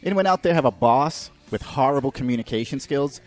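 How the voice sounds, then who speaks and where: A man's voice: medium pitch, expressive, a little fast, darkish tone, soft background music. A man hosting a podcast, ranting profanely and mocking people in put-on voices. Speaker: podcast host. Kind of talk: ranting comedic monologue.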